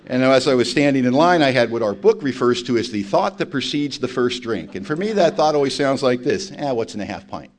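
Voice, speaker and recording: A man shares his personal testimony at a recovery meeting. He tells it in a forthright, emphatic way, pokes fun at himself, and his voice sits at an everyday middle pitch. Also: lively intonation, a little fast, hardly any pauses. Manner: emphatic storytelling, blunt and self-mocking.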